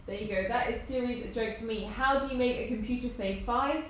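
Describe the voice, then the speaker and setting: A woman's voice: on the high side, brisk, slight background noise. A woman co-hosting a live tech stream, chatting playfully and reading out viewers' comments. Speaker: tech show co-host. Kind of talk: casual live-stream chat. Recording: very echoey room, mic at a distance.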